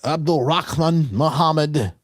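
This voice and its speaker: A man's voice: fairly high pitch, takes it slowly, dry recording, clean studio sound. A male talk show host giving opinionated political commentary in a mocking way, full of restarts. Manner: mocking, animated, trailing restarts.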